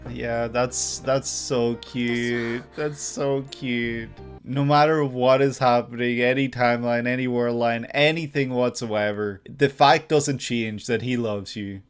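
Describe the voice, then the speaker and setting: An Irish man reacts to an anime in casual, gushing commentary at a middle pitch. He laughs easily and thinks aloud, circling back to restart his sentences. Soundtrack music plays faintly behind him. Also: fairly even intonation, takes it slowly, smooth.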